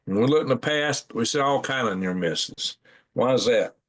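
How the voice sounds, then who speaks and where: A man's voice: medium pitch, animated, moderate pace. A man hosting a casual live stream, rambling in a folksy way and thinking aloud as he clicks through maps at home at night. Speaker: channel host.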